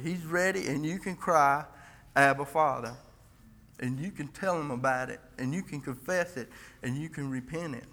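Casting: a folksy male lay preacher, earnest and halting, bright voice in a reverberant church. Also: on the high side. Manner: earnest, folksy, with frequent restarts and scripture reading. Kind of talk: informal church sermon.

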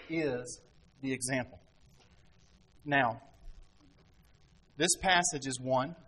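A man preaching to his congregation in a talky, conversational way, leaning on rhetorical questions. His voice is bright and forceful, sitting a little high for a man. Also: rough recording. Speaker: pastor. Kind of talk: sermon.

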